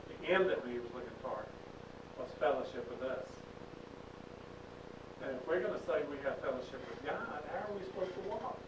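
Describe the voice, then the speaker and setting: A man's voice: medium pitch, noisy background. A man teaching a Bible class in an emphatic preaching style, asking the class questions. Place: church classroom. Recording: echoey room, distant mic.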